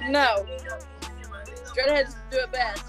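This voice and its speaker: A woman with a British accent answering back with playful sass. Her voice sits high. Music plays clearly behind her. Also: takes it slowly, fairly bright tone. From England. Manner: playful, sassy retorts.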